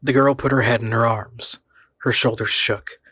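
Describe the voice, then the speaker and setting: A man reading a horror story aloud in a measured, suspenseful way. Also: mid-range voice, fairly even intonation, bright, forceful tone, husky, no room sound. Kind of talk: scripted horror story narration.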